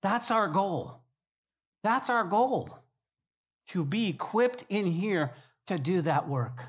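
A pastor preaching a sermon in a fairly high voice for a man. He hammers his points home by repeating them over and over. The recording sounds dull and lo-fi. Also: very animated, slow pace, breathy edge. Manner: emphatic, repeats key phrases, acts out quoted voices.

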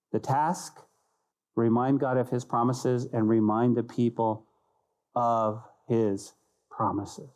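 A man, a pastor, preaching an animated sermon who acts out little voices and repeats key phrases for emphasis. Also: mid-range voice, rough recording. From United States.

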